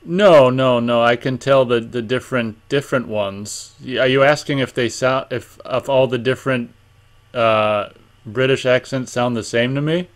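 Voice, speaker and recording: A man's voice: mid-range voice, normal speed. A man in his forties from Minnesota, chatting in an easygoing way, thinking aloud and swearing mildly. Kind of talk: casual chat.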